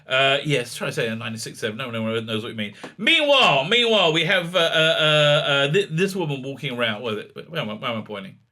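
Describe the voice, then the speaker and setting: A man's voice: medium pitch, fast talker, hardly any pauses, pushed and bright. A middle-aged man reviewing a TV episode in a rambling, sarcastic way, full of uhs and restarts. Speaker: show recap reviewer. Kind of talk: casual review commentary.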